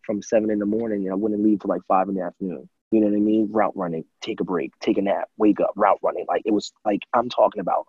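A young man with a low, husky, mellow voice tells his story as an interview guest, loose and chatty and full of filler words. He acts out what other people said as he goes. The audio sounds dry and a bit dull. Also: fast talker, few pauses, dry recording. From USA. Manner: animated storyteller, many fillers, acts out quotes. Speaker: guest, former college football player.

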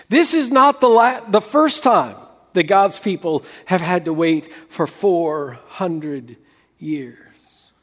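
A man preaching a sermon as pastor, building dramatically and then dropping to a near hush. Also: on the high side, big-room sound.

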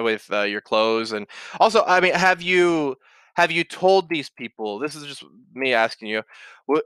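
A man's voice: mid-range voice, pushed and bright, clean tone, no echo. A man hosting a casual advice show, reading out listener posts and answering them directly, with many restarts and fillers.

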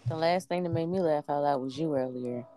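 A woman's voice: deep voice, fairly quick, noisy background. A woman hosting a podcast chat, asking questions and laughing often. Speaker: podcast host. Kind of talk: casual chat.

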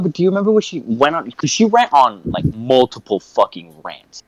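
A man's voice: on the high side, fairly quick, few pauses, no room sound. Young guy on a podcast, swearing a lot while he tells a story, dull lo-fi dry sound. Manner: profane, animated storyteller, laughs often. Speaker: podcast co-host. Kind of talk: casual storytelling chat.

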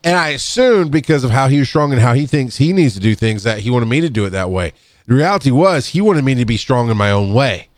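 A middle-aged man, an EMT and podcast co-host, telling rambling work stories in casual chat and jumping up in pitch to act out other people's lines. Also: expressive, fast talker, no echo. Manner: rambling, restarts, acts out quotes in a higher voice. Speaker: podcast co-host, EMS worker. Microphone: studio microphone.

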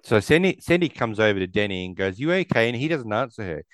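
A man's voice: fairly low pitch, big pitch swings, fast, clean tone, no room sound. A man casually recapping a movie on a podcast, retelling scenes and acting out the characters' lines. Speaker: podcast co-host. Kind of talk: casual film recap chat.

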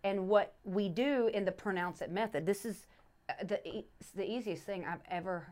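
A woman's voice: medium pitch, normal speed, darkish tone. A middle-aged woman, a pastor's wife co-hosting a faith podcast, explaining a Bible study method earnestly, with many restarts and repeated verses. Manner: earnest, restarts often, repeats scripture with stress on each word. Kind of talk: casual faith podcast teaching.

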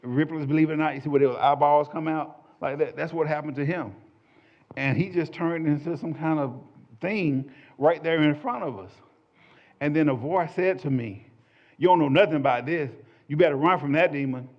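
A man's voice: on the high side, normal speed. A man telling a church testimony to a small group in a folksy, conversational way. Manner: conversational, folksy, animated storytelling. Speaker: church minister giving a testimony. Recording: dull lo-fi audio.

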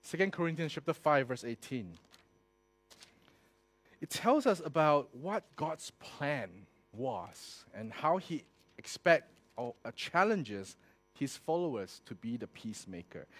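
A man preaching a sermon, telling stories with animated swings from loud to hushed. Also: a little high. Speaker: pastor.

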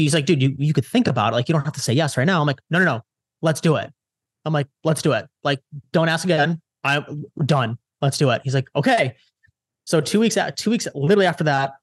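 A young man from the Chicago area, a social media strategist, telling a story casually in an interview with lots of quick retellings and restarts. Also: a little high, dry recording, studio quality. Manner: animated, lots of "I'm like" retellings, fast restarts.

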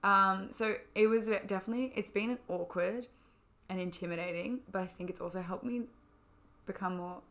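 A woman's voice: medium pitch, normal speed, fairly bright tone. A young woman chatting as a podcast co-host, telling a story with lots of fillers. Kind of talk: casual chat.

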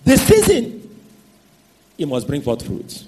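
A male preacher, his high, husky voice leaping up and down in pitch. He speaks slowly and leaves gaps for the congregation to finish his sentences. His phrasing stretches out and then swings between loud and soft. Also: huge pitch swings. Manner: call-and-response questions to the congregation. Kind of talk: sermon.

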